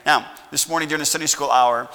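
A man's voice: a little high, fairly even intonation, fast, bright, forceful tone, smooth, in a large hall. A middle-aged man preaching a sermon as pastor, folksy, often checking in with "all righty?". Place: church sanctuary.

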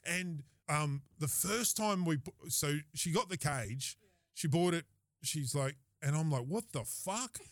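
A slightly high-voiced Australian man chats on a podcast, telling a story with lively energy and plenty of laughter. He acts out the lines of the people in it, and the recording is close and dry. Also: measured pace, no room sound. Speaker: podcast host. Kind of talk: casual storytelling chat.

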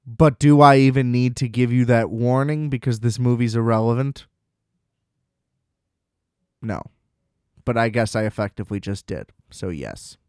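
A man's voice: mid-range voice, normal speed, pauses often, darkish tone, clear, resonant tone, dry recording, studio quality. A man co-hosting a casual movie podcast. He rants with a lot of swearing and laughs at his own complaints. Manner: ranting, profane, laughing at his own gripes. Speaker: podcast co-host.

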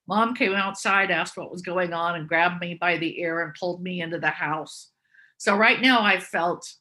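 A woman tells personal stories. Her voice is bright and forward. She speaks openly and reflects on herself as she talks. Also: mid-range voice. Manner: candid, self-reflective. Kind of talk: personal storytelling.

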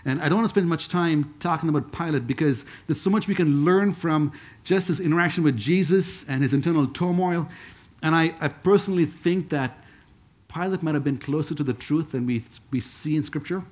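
A man's voice: on the high side, a little fast, a little mellow. A man preaching a sermon in a conversational way, with joking asides.

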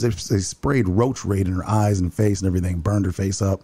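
A man's voice: deep voice, steady tone, mellow. A man who works building security, earnestly telling a story in conversation, often repeating his first words. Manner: rapid, earnest, repeats words when starting sentences.

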